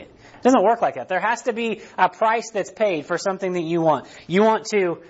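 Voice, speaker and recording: A man with a high voice gives a casual, conversational sermon and keeps tagging his points with "right?". The recording has a dull, lo-fi sound. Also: a little fast, slightly rough. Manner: conversational preaching, frequent "right?" tags, restarts. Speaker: pastor.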